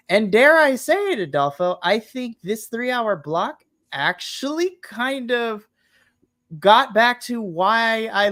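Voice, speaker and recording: A man's voice: high-pitched, no echo. Playful, dry-voiced male podcast host. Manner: playful, joking, energetic. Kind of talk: late-night casual podcast chat.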